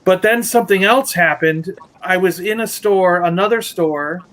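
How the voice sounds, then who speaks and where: A man's voice: high-pitched, moderate pace, a bit bright, poor audio. A man co-hosting a casual toy-collecting livestream, telling a long story in a rambling way, restarting and acting out what others said. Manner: rambling, retells conversations with restarts. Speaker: Lego merchandising rep.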